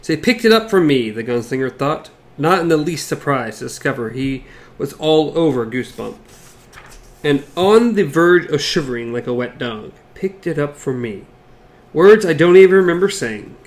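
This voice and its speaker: A man's voice: a little high, animated, normal speed. A man co-hosting a casual book discussion podcast, playful, reading passages and squealing character lines for laughs. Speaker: podcast co-host.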